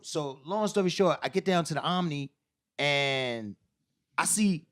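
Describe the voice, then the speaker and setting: A man's voice: a little high, measured pace, no echo, clean studio sound. A middle-aged man telling a long story in a casual chat, acting out the voices of the people in it and laughing often. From New York. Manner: animated, acts out quoted voices, laughs often. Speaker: guest storyteller.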